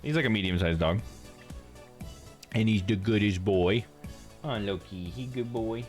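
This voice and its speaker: A man's voice: lowish voice, measured pace, soft background music. A man streaming a game live, chatting in a laid-back way, laughing and talking to his dog. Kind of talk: live game playthrough with read-aloud dialogue.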